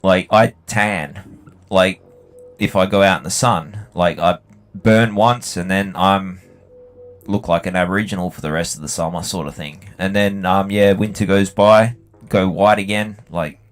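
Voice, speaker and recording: A young Australian man chatting bluntly and swearing freely while he plays a game. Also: sits low. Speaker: gaming video host. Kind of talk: casual chat while playing.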